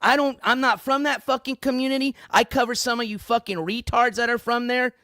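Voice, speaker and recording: A man's voice: very high voice, fairly even intonation, fairly quick, pushed and bright, dry recording, studio quality. A man hosting a livestream news show, ranting in an angry, profane, combative way.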